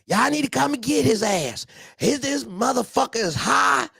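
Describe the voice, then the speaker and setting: A man voicing a furious woman who yells threats about an unwanted man in her home. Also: very high-pitched, expressive, moderate pace, gravelly, husky, dry recording, studio quality, pitched above the performer's own voice, heavily acted. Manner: yelling threats.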